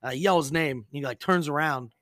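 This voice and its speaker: A man's voice: a little high, fast talker, fairly bright tone. A young man hosting a casual podcast, telling a rambling, profane story. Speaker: podcast host. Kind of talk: casual chat.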